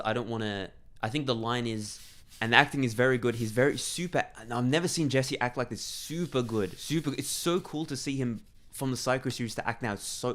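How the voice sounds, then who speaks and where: Brief: male vlogger, quick-fire delivery, loose conversational movie review with many false starts. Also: mid-range voice, fairly bright tone. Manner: fast, rambling, with frequent restarts. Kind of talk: casual spoken movie review.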